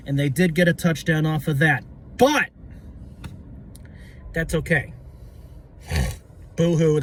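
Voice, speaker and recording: A young man ranting about football, excitable and profane, shouting and stumbling over his words. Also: fairly high pitch, slight background noise. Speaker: sports fan vlogger. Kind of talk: ranting fan commentary.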